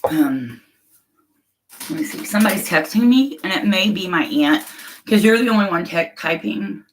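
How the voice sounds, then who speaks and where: Chatting with her livestream viewers, this middle-aged woman reads their comments and reacts with blunt, emotional talk and plenty of laughs. She sounds animated, with a lowish voice at normal speed. The recording is rough.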